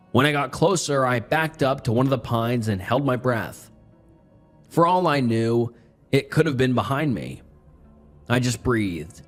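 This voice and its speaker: A man narrating a first-person horror story in a tense, dramatic way, dropping low and quiet for asides. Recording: faint music bed behind the voice. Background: faint background music.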